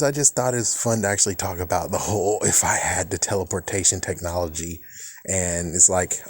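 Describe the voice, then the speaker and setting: A man talking on his own channel in a rambling, excitable way, swearing freely and saying "it's like" a lot. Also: on the low side, dry recording. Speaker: channel host. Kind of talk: casual solo talk.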